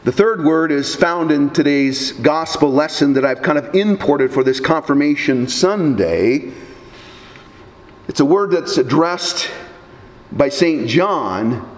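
A man preaching a sermon as pastor, animated, with frequent stammered restarts. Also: mid-range voice. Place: church. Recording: echoey church hall.

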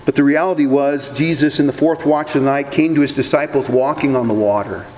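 A man's voice: medium pitch, fairly quick, darkish tone. A man preaching a sermon in a conversational, folksy way with casual asides. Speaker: pastor. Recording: long hall reverb, faint background noise.

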